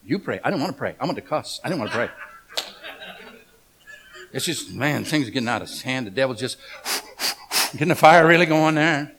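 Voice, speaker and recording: A man's voice: medium pitch, expressive, a little fast, long pauses, a crowd in the background. A middle-aged man preaching a humorous storytelling sermon, folksy and joking, asking the congregation questions.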